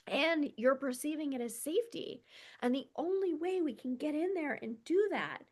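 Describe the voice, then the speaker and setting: Female self-development coach, a bit high-pitched, earnest and confessional, casual and filler-heavy delivery. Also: lively intonation, normal speed, a little mellow. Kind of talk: casual reflective monologue.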